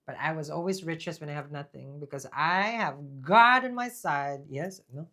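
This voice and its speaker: A man giving a casual tarot reading. He rambles and restarts, speaks with a preaching tone about faith, and bursts into loud, emphatic talk. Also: fairly high pitch, normal speed. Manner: rambling, with frequent fillers and restarts. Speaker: tarot reader. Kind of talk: casual spoken tarot reading with personal testimony.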